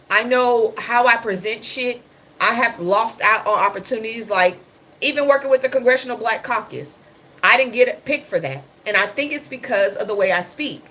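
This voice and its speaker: Hosting a casual livestream, a woman with a fairly high, slightly bright voice talks about the news. Her delivery is passionate, sarcastic and blunt.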